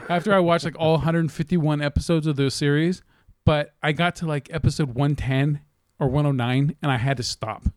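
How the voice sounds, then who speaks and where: A man in loose podcast chatter, his voice sitting a bit high, with a rambling way of talking and frequent laughs. The sound is close and dry, with no room in it. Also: steady tone, brisk, hardly any pauses, darkish tone, dry recording. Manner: rambling, swearing, laughing often. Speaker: podcast co-host. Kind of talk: casual chat.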